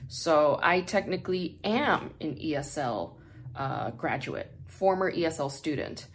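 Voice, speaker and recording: Candid, lower-pitched woman podcast host. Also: lively intonation, unhurried, slight background noise. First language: not English. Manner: candid, chatty, swears freely, laughs often. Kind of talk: casual podcast monologue.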